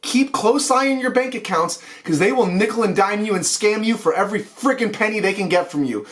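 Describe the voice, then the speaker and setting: A young man with a high voice hosts a casual weekly news show. He talks in a heated, ranting manner straight to his viewers. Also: lively intonation, a little fast, hardly any pauses, a bit bright. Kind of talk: casual news rant to camera.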